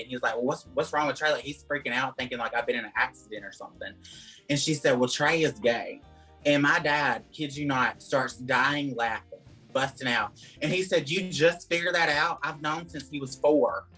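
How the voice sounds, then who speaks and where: A man's voice: medium pitch, bright, forceful tone. A young man with a Southern American accent, telling personal stories as an interview guest, chatty and full of "um" and "like". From Georgia, USA. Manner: chatty, lots of "um" and "like". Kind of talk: casual storytelling interview. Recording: faint guitar music underneath.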